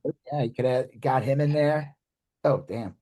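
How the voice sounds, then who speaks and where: Mellow low-key guy chatting movies on a podcast, swears a lot, trails off. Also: measured pace. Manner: loose, swears casually, trails off mid-sentence. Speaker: podcast co-host. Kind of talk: casual movie chat.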